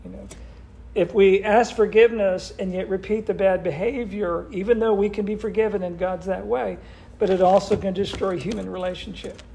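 High-voiced man leading a Bible study. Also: steady tone, normal speed, gravelly, mellow. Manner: asks the group questions, repeats answers back. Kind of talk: interactive Bible study teaching.

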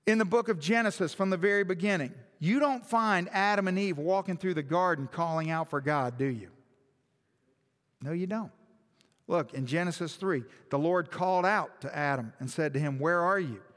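A man's voice: high-pitched, moderate pace, fairly bright tone. A male pastor preaching a sermon in a church hall, emphatic and full of rhetorical questions, with long hall reverb.

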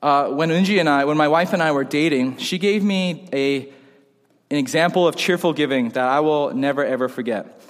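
Young pastor preaching in a reverberant hall. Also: male voice, a little high, moderate pace. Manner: casual, joking, animated storytelling. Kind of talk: sermon.

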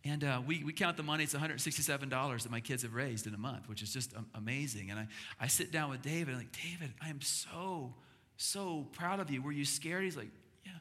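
A man's voice: medium pitch, fast, few pauses, sharp tone. A middle-aged male pastor telling a family story in a sermon, earnest and repeating words as he builds up. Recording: long hall reverb with faint music.

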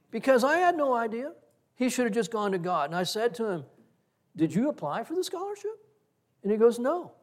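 A middle-aged man preaching a sermon, telling personal stories in an animated way and acting out the conversations in them. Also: high voice. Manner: animated storyteller, acts out quoted exchanges with laughter. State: breathes through one side of nose. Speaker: pastor.

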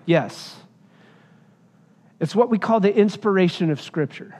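A man's voice: sits high, moderate pace, pauses often, darkish tone, long reverb tail. A man preaching a sermon, telling a personal story and driving home his points with emphasis. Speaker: pastor.

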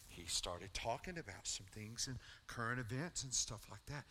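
A man's voice: medium pitch, expressive, moderate pace, few pauses, bright, forceful tone, husky. A middle-aged man, a pastor telling a personal story in his sermon and building to a fervent altar call.

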